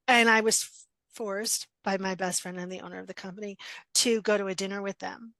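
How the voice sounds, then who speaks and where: A woman's voice: mid-range voice, a little fast, dry recording. A middle-aged woman coach, guest in a casual interview, telling stories bluntly and acting out quoted dialogue. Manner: animated, acts out quoted dialogue, frequent laughs; blunt, direct. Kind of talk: casual podcast interview storytelling.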